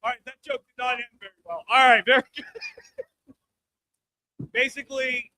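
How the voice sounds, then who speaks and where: A man's voice: very high voice, steady tone, moderate pace, bright, forceful tone, a little hiss or hum, rough recording. A man doing a stand-up comedy set on a live stage mic, brash and crude, often checking in with the crowd. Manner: brash, crude punchlines, keeps checking in with "all right?".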